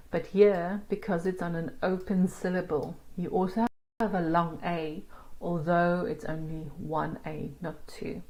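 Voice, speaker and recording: A woman teaching an online language lesson, explaining step by step in a patient, encouraging way. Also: lowish voice. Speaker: Afrikaans teacher.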